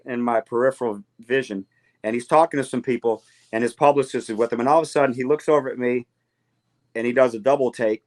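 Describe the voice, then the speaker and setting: Male interview guest, animated storyteller, mid-pitched voice, acts out the quotes, casual podcast chat. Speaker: guitarist guest.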